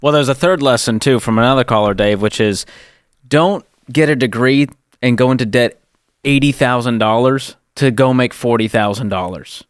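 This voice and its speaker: A man's voice: medium pitch, normal speed, clean tone, dry recording. A man co-hosting a call-in radio show, adding dry, wry commentary. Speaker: radio co-host.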